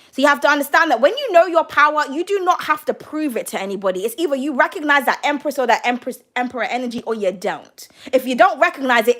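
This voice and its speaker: A British woman giving a casual tarot reading, brash and profane and quick to laugh. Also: high voice, a bit bright. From United Kingdom. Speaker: tarot card reader.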